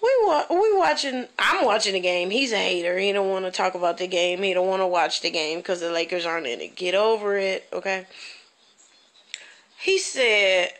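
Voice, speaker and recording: A woman in her thirties from the northern Midwest doing a stand-up comedy monologue. She talks in an animated, incredulous way, fires off rhetorical questions and keeps checking in with the audience. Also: mid-range voice, normal speed. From northern United States, Midwest.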